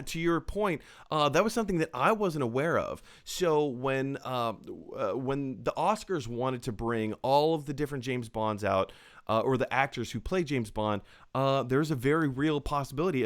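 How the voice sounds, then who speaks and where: A male host runs a casual film-chat show in an upbeat, chatty way. His pitch swings around a lot, and he sprinkles in fillers as he reads viewer comments.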